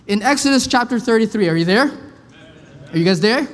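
A male preacher delivering a passionate sermon in a church, swinging from loud pleading to soft, low reassurance. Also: lively intonation, fairly quick. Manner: passionate, rises loud and high when pleading, drops soft and low for comfort. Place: church sanctuary. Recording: long church reverb.

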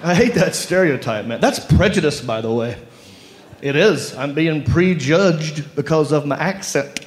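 A man's voice: fairly high pitch, animated, unhurried. A man with a Southern accent from North Carolina doing a self-mocking stand-up comedy set on stage. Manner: drawling, self-mocking punchlines. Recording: roomy club with audience laughter. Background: audience laughing.

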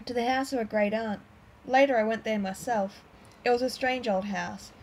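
A woman voicing a gentle, wistful elderly woman who reminisces softly and hesitantly. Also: a little high, steady tone, moderate pace, natural voice, poor audio.

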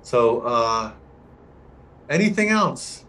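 An older man, a veteran camera assistant, telling a relaxed anecdote as a guest on a video-call Q&A and acting out the dialogue. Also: mid-range voice, very slow, rough recording. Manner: relaxed anecdotal storyteller, acts out quoted dialogue. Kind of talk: storytelling in an online Q&A.

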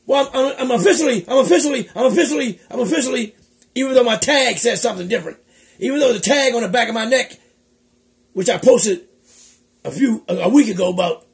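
A man voicing an excitable, forgetful male bird puppet who talks loudly, giggles and mixes up his words in comic banter. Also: very high-pitched, quick pace, creaky. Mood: boastful.

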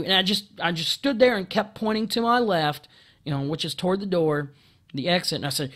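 A man delivering an angry, profane monologue rant into a camera, stumbling over restarts and often clearing his throat, with loud outbursts. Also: high-pitched, animated, moderate pace. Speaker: video commentator.

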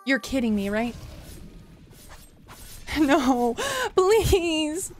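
A woman's voice: high voice, animated, very slow, faint music behind. A young woman giving emotional live commentary on a game she is streaming, exclaiming, pleading and swearing.

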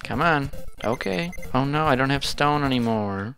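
A man's voice: mid-range voice, expressive, moderate pace, a bit bright, faint music behind. A young man, hosting a retro gaming channel and swearing at the game in casual, frustrated commentary.

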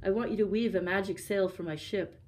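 A woman's voice: mid-range voice, steady tone, a little fast, darkish tone, recorded from a distance, close to an everyday voice. A woman reading a storybook aloud, voicing a tall, wealthy sea captain who speaks grandly and boasts. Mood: stately.

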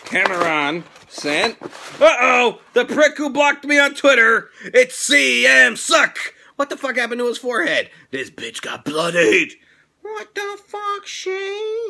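Loud excitable man with a bright voice. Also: slow, creaky. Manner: loud, excitable, crude joking with sudden high squeals. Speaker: toy channel host. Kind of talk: energetic fan mail unboxing.

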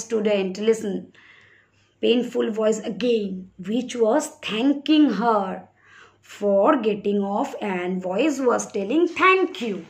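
Woman teacher with a Bengali accent and a slightly high voice, reading a story aloud to young pupils and explaining it patiently. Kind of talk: online English literature lesson.

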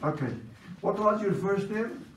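Heard from afar in an echoing classroom with faint noise behind him, a native Chaldean Aramaic speaker lectures briskly and commandingly, repeating his instructions. His fairly high voice is expressive, and the recording has a roomy, distant sound.

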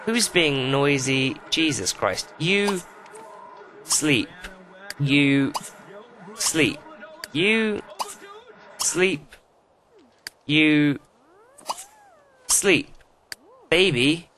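A man's voice: on the high side, animated, extremely slow, pauses often, sharp tone, slight background noise. A man giving profane, exasperated running commentary while playing a life-simulation video game. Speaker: let's play host.

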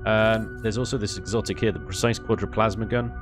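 A man giving casual, animated commentary on his gameplay, ranting and laughing with mild swearing. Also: fairly low pitch, fairly quick, over music. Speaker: gaming YouTuber.

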